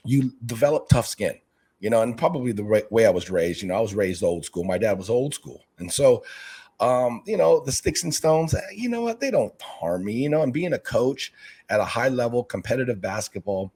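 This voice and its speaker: A middle-aged man, a fish-keeping video maker and basketball coach, chatting as a guest in an interview, energetic and talkative, acting out what people say to him. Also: mid-range voice, normal speed, slightly rough. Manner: energetic, talkative, acts out quoted exchanges. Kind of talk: casual interview chat.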